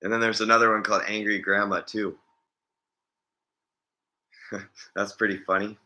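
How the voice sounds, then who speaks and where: A man's voice: on the low side, level tone, moderate pace, bright, forceful tone. A man vlogging in a casual, rambling chat, often chuckling as he talks.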